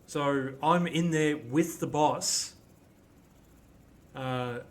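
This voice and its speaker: Male gaming host, a bit high-voiced, chatty storyteller who acts out every side of an argument. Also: drawn-out words. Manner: animated retelling, acting out both sides of arguments. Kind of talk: casual storytelling over gameplay.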